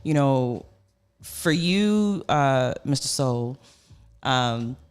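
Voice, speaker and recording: A radio host in a studio, talking to guests in a loose, effusive way. The speech wanders and is full of fillers, at a middling pitch. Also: lively intonation, drawn-out words, smooth. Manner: effusive, rambling, lots of fillers. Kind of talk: casual radio interview.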